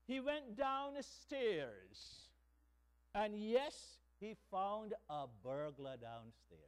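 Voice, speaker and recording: A man preaching a sermon as pastor, slow and emphatic, tossing in rhetorical "hmm?" asides to the congregation. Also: fairly high pitch.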